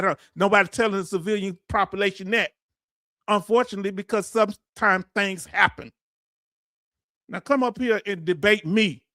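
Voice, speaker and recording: Middle-aged guy ranting on his stream, blunt and worked up, a bit high-pitched, dry close mic. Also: sharp tone, no echo. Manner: impassioned, blunt, reads and answers chat. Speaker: veteran livestream host. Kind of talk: casual livestream rant.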